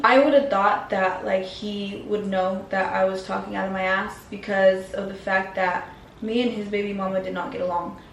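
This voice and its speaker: A woman's voice: medium pitch, far from the mic, slight background noise. Slangy woman telling a story, roomy sound. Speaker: vlogger. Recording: roomy, mic set back.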